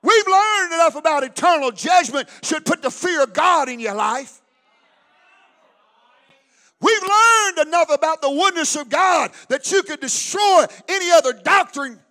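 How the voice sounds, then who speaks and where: A male pastor preaching a fiery sermon, shouting and then dropping to quiet. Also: extremely high pitch, animated, a little slow. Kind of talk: Pentecostal sermon.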